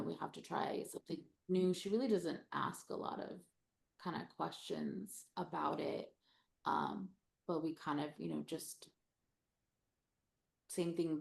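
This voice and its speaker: Woman panelist, low voice, strong creaky fry, halting and hushed. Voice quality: heavy vocal fry. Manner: soft, halting, trails into whispers. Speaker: panelist, parent living with cancer. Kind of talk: panel discussion.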